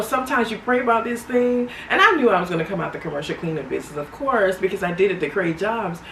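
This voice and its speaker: A woman's voice: medium pitch, a bit bright, recorded from a distance. A chatty woman vlogging straight to her viewers, laughing easily and calling them honey and sweetie. Her voice sits in the middle range and carries a roomy echo, as if she is a little way back from the mic, with faint noise underneath. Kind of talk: casual reflective vlog talk.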